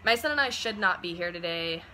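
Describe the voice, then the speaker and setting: A woman of about twenty telling a personal story in a casual, chatty way, with many "like" and "um" fillers, and acting out quoted lines in a lively, animated way. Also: fairly low pitch, a little fast, a little hiss or hum, poor audio. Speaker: vlogger.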